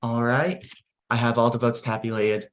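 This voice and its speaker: Male host of an online game, measured vote-reading delivery, mid-range pitch. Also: steady tone. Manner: measured, announcing votes one by one. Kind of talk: online game show hosting.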